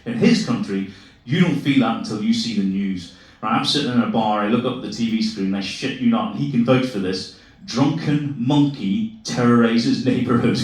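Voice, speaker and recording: A man's voice: fairly low pitch, a little fast. An Irish man in his forties doing stand-up comedy, swearing freely and laughing as he teases the crowd. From Ireland. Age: 40s. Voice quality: profane, laughing banter. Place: comedy club, live audience. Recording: echoey club from a distance, crowd. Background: audience laughter.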